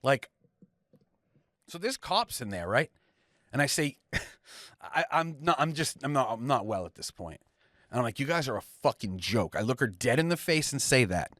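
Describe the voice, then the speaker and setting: A man's voice: medium pitch, sing-song, moderate pace, long pauses, fairly bright tone, no echo, clean studio sound. A man, co-hosting a podcast, ranting heatedly and swearing a lot as he tells a story. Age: young adult. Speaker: podcast co-host. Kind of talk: casual ranting chat.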